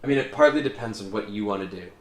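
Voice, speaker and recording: A man's voice: fairly low pitch, expressive, racing, natural voice. A man voicing Gareth, a blunt, practical male companion in a tabletop game, talking in a curt, matter-of-fact way in an echoey room.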